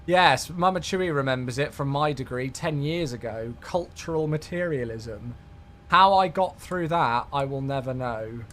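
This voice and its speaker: A British man in his thirties chatting casually on a live stream, excitable and effusive as he thanks his viewers. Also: medium pitch, normal speed, slight background noise.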